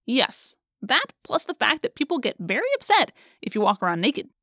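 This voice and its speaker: A woman's voice: on the high side, huge pitch swings, normal speed, fairly bright tone, exaggerated voice. A woman reading an audiobook, voicing a wisecracking, sarcastic teenage boy. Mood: wry. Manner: sarcastic, joking.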